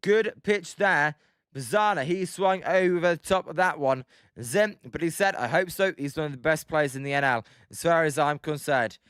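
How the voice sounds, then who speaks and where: A man's voice: moderate pace, a bit bright, clean tone, no room sound, studio quality. Chatty British man calling a livestream. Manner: chatty, reads chat aloud between pitch calls. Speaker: livestream host. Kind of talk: live play-by-play commentary with chat.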